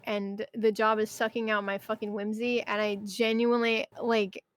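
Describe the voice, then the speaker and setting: A woman's voice: mid-range voice, little pitch movement, normal speed, smooth. A young woman streamer chatting casually and ranting about her job, swearing often and breaking into mock outbursts. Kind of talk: casual chat.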